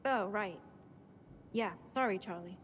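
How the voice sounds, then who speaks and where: A woman's voice: medium pitch, a little slow, a little hiss or hum, close to an everyday voice. An actress playing a tentative young woman on a film crew, speaking apologetically with a British accent.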